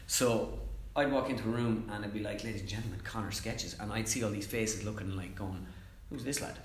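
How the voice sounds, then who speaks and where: Young irish lad yapping fast, acts out what people said, roomy sound. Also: male voice, fairly low pitch, steady tone. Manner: fast, chatty storyteller, acts out quotes. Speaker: comedian guest. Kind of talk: casual chat.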